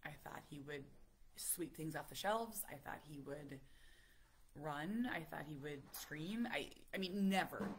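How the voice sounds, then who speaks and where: A woman in her thirties, a parent vlogger telling a story in casual, animated chat, full of fillers and acted-out quotes. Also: low-pitched, a little slow, slightly rough. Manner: animated, chatty, many fillers, acts out quotes.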